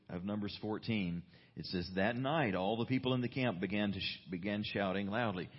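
Husky low-voiced male preacher. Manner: animated storytelling, reading Scripture aloud. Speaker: pastor. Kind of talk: sermon. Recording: dull lo-fi recording.

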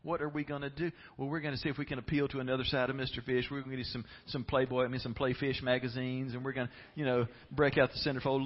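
A man's voice: mid-range voice, little pitch movement, fast talker, few pauses, lo-fi sound. A man preaching a sermon as pastor, telling a story and building to passionate emphasis.

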